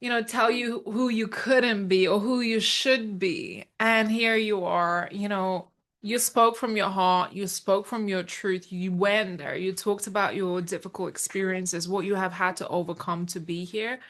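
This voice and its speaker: A woman's voice: mid-range voice, steady tone, measured pace, a bit bright. A woman hosting an online awards ceremony, enthusiastically announcing a winner and affirming her over a video call.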